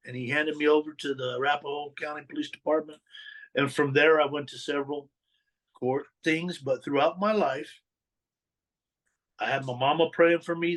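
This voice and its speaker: A middle-aged man with a somewhat high voice relates his past to a podcast host in candid storytelling. He talks in blunt street slang and swears freely. He slips into the voices of the people he quotes. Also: fairly even intonation, moderate pace, fairly bright tone, poor audio. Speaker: podcast guest telling his life story.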